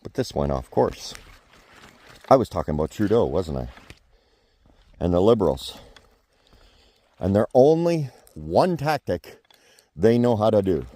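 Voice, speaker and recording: A man's voice: on the low side, mellow, no room sound. A man giving a blunt, heated political rant to camera as a vlogger, swearing freely. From Canada.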